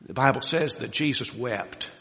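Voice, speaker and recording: Forceful, bright-voiced preacher in a hall. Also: male voice, medium pitch, normal speed, creaky, breathy edge. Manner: storytelling, swinging between soft and emphatic. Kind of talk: sermon.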